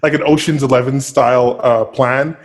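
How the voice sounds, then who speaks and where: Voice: mid-range voice, steady tone, normal speed. Laid-back podcast co-host. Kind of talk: casual chat.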